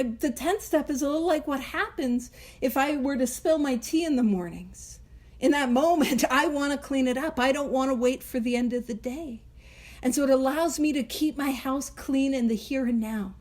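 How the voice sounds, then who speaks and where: Woman host, high bright voice, chatty and animated, laughs between points, leads a book study. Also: moderate pace. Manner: animated, chatty, laughs often, self-interrupting asides. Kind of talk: casual teaching chat.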